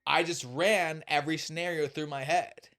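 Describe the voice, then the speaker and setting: A man's voice: on the high side, moderate pace. Swearing young man telling a story. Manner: animated, swears often. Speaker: podcast guest. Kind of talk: casual storytelling.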